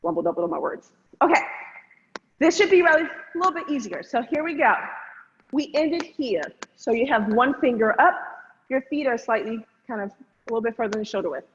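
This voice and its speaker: A woman's voice: a little high, lively intonation, fairly quick. Upbeat woman counting dance beats. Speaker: dance instructor. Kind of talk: online dance class. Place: room, virtual class. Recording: echoey, dull lo-fi sound with faint noise.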